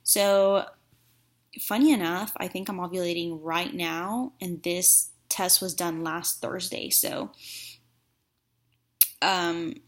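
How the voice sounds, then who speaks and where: A woman's voice: fairly low pitch, fairly even intonation, slow, pauses often. Chatty woman sharing a candid story. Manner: chatty, frank, with many fillers. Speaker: vlogger. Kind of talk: candid personal vlog storytelling.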